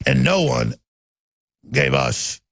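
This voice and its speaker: A man's voice: mid-range voice, slow, vocal fry, heavy background noise. A middle-aged man hosting a talk radio show, ranting heatedly about politics in a studio, repeating words and acting out quotes.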